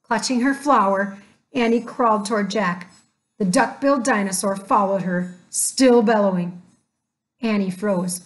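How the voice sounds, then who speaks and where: A woman narrating a children's chapter book aloud in a gentle, measured way. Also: mid-range voice. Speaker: storyteller. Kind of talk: scripted storybook narration.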